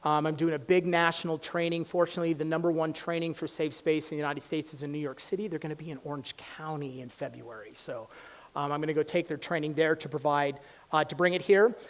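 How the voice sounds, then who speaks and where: A male college professor delivers an impassioned public lecture in a campus hall, swinging between loud exhortation and hushed storytelling. His voice is a little high, his intonation fairly even, and he talks fast.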